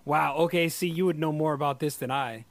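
Man, slightly high voice, casual chat, exclamatory, swears, laughs a lot. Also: brisk, dry recording.

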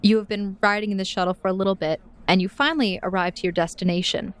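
A woman's voice: mid-range voice, steady tone, fast, smooth. Brief: woman game master, playful, descriptive scene narration.

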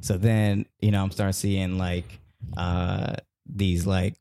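Gravelly low-voiced man telling a story. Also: slow, no echo. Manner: rambling, animated retelling with many fillers. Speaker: podcast guest. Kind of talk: casual storytelling.

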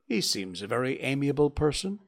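A man voicing a calm, witty detective who answers threats with bland, quietly mocking remarks. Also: medium pitch, brisk, vocal fry. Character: calm, witty male detective, unflappable and dry. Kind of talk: dramatic audiobook reading.

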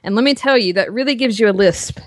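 A woman's voice: a little high, quick pace, slight background noise. Southern woman, rambling podcast guest. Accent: Southern US, softened. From American South. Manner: rambling, many fillers and restarts, laughs easily. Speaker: guest, author and fitness coach. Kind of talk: casual podcast interview. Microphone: podcast microphone.

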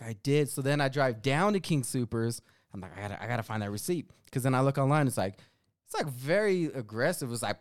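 A man's voice: mid-range voice, fairly quick, no echo, studio quality. A man co-hosting a podcast, telling a story in casual chat, swearing and laughing as he goes. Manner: animated, swearing, laughing at his own story. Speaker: podcast co-host.

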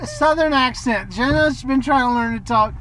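A woman hosts a family podcast, telling stories in a rambling, chuckling way and restarting as she goes. Her voice is high-pitched and a bit bright at a moderate pace, with a little hiss or hum in the recording. It's casual family chat and storytelling.

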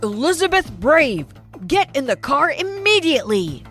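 A woman voicing a stern middle-aged father in an animated story. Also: medium pitch, unhurried, soft background music, pitched below the performer's own voice. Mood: commanding.

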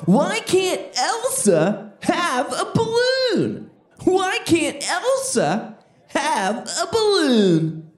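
A woman's voice: very high voice, huge pitch swings, very slow. A woman hosting a children's stand-up comedy podcast with a bubbly, laughing manner. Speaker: host. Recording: roomy echo.

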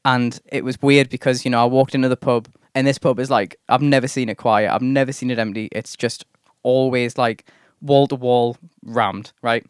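A man's voice: medium pitch, steady tone, normal speed, few pauses, clear, resonant tone, dry recording, clean studio sound. Chatty man telling stories. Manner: chatty storyteller, full of fillers and mock voices. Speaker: podcast host and solo gigging musician. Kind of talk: casual chat.

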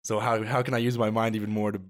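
A teenage boy talking on a podcast, his voice sitting on the low side. He speaks earnestly, restarting and stringing ideas together as he goes. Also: level tone, fast. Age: teens. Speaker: guest. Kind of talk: casual podcast chat.

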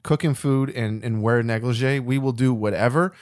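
A man co-hosting a podcast, relaxed and swearing as he picks at film details. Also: mid-range voice, brisk, no room sound, studio quality. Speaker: podcast co-host. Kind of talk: casual movie review chat.

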